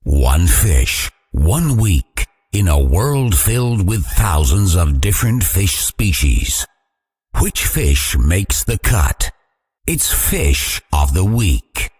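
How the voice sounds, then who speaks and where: A man putting on a deep, dramatic trailer-announcer voice to open a segment. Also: sing-song, takes it slowly, a little mellow, slightly rough, full character voice.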